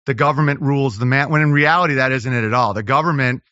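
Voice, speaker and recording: A man, a comedian, talking casually as a podcast guest, rambling and riffing with quick impressions. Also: mid-range voice, bright, forceful tone, dry recording, dull audio. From Los Angeles.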